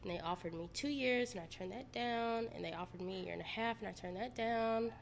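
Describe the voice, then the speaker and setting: A woman's voice: fairly high pitch, brisk, vocal fry, a little hiss or hum. A woman telling her own story in a casual, candid and profane way.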